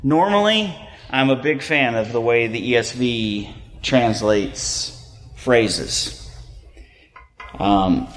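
A man preaching a sermon as a pastor in a relaxed, conversational way, joking at his own expense and using lots of fillers. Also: medium pitch, takes it slowly. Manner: conversational, self-deprecating, many fillers. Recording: long reverb of a hall.

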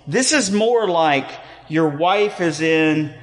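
A man preaching a sermon as a pastor in a relaxed, conversational way, joking at his own expense and using lots of fillers. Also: fairly high pitch, slow pace. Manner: conversational, self-deprecating, many fillers. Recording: long reverb of a hall.

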